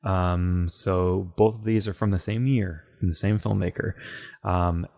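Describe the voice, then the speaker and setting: A man's voice: sits low, steady tone, measured pace, creaky, dark tone, no room sound. Dry-voiced male podcast co-host. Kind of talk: casual podcast chat.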